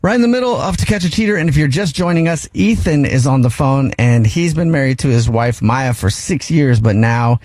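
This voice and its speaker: A man hosting a radio talk show, upbeat and quick to laugh. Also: mid-range voice, animated, a little mellow, dry recording, studio quality.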